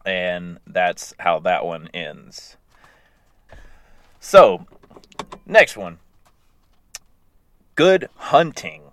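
A man casually recapping animated episodes in a loose, rambling way, chuckling as he goes. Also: sits low, very slow, pauses often.

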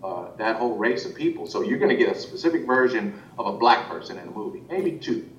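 A man's voice: lively intonation, quick pace, distant mic. A man working as an animation director, talking casually in an interview, rambling with many restarts and fillers. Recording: roomy, muffled sound from off-mic with faint rumble.

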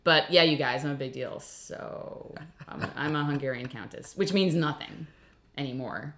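A woman comedian chatting casually as a guest, telling animated stories and acting out other people's voices. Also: low voice, moderate pace. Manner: animated storyteller, acts out voices. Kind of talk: casual chat. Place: home kitchen table. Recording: roomy kitchen sound.

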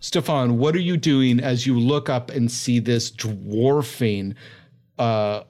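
A man acting as game master, setting scenes in vivid, drawn-out narration. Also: medium pitch, darkish tone.

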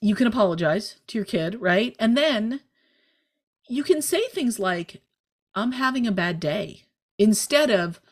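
A woman in her forties giving candid parenting advice in casual conversation, talking in quick bursts and often checking in with "right?". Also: a little high. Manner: lively, candid, rapid bursts with frequent "right?". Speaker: podcast co-host, parenting guest.

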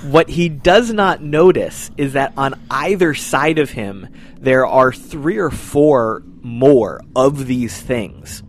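Slow-talking man running a tabletop game. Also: mid-range voice, a little hiss or hum. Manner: descriptive, unhurried narration with fillers. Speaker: game master.

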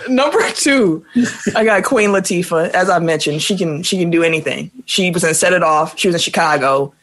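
Animated woman ranking favorites in chat. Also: on the low side, brisk, slight background noise. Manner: animated, emphatic, repeats herself. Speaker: podcast co-host. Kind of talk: casual chat.

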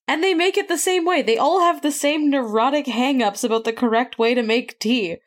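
A woman with a fairly high voice co-hosts a podcast in casual chat. She riffs in an animated way and laughs often as she talks. She is from Canada. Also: brisk. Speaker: podcast co-host.

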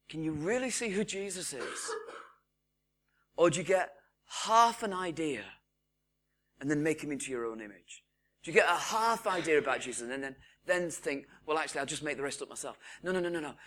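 A man preaching a sermon, retelling the story with lively quoted voices. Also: high voice.

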